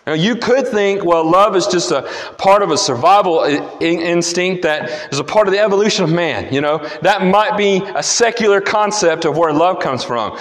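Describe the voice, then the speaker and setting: Male pastor, sermon delivery, somewhat high voice, reverberant church hall, builds to emphatic preaching. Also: lively intonation, normal speed, a bit bright.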